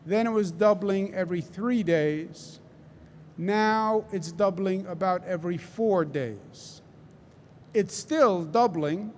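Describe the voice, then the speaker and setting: A state governor from New York speaks at a press briefing with a Queens accent, his voice higher than typical for a man and a little mellow. He talks slowly, deliberately and emphatically, hammering home each point, repeating key phrases and asking a rhetorical "right?". Slight background noise can be heard.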